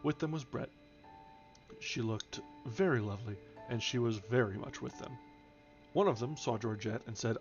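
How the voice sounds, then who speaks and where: A streamer reads a novel aloud live, making small slips and restarts and lightly shifting his voice for different characters. He speaks at a medium pitch and moderate pace. The home stream audio sounds slightly dull, with faint music playing softly behind him.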